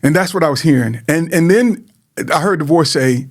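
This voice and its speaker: A man's voice: fairly high pitch, normal speed. A middle-aged man from Georgia telling a personal story in an earnest, repetitive way, often calling to his listeners. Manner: earnest, repeats words, addresses listeners as man and guys. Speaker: host sharing personal story. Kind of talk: emotional personal testimony.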